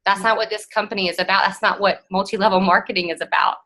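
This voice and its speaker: A woman, giving a frank, animated motivational talk to her team as guest speaker. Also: mid-range voice, fast talker, rough recording.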